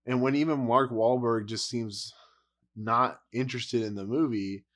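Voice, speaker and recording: A man's voice: mid-range voice, steady tone, a little slow, a bit bright. Exasperated man ranting about movies. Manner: blunt, exasperated, rambling with laughs. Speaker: movie reviewer. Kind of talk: casual movie review rant.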